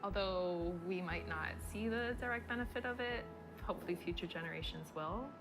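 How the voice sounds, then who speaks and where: A woman's voice: lowish voice, fairly quick, music in the background. A woman speaking earnestly and reflectively in a public service spot.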